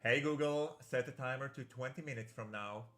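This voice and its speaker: A man streams a visual novel, reading the game text aloud and joking in a playful, campy way as casual gameplay commentary. His voice is medium-pitched and a bit bright at a normal speed, with faint game music in the background.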